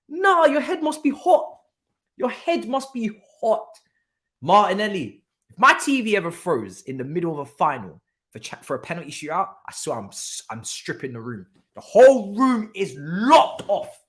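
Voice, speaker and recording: Excitable man hosting a watchalong. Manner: excitable, swings between low muttering and shouting; British street slang, repeats phrases. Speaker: watchalong host. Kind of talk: live football watchalong reaction.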